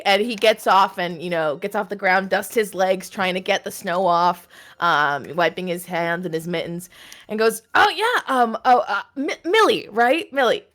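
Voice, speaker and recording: A woman's voice: mid-range voice, moderate pace, fairly bright tone. A woman narrating a tabletop game as game master, hesitant and full of fillers.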